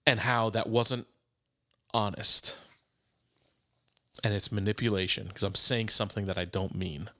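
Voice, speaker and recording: A man's voice: fairly low pitch, fairly even intonation, unhurried, long pauses, sharp tone. A man talking reflectively in conversation, acting out remembered dialogue and often restarting his sentences. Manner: thoughtful, acts out quoted dialogue with restarts. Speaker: podcast co-host.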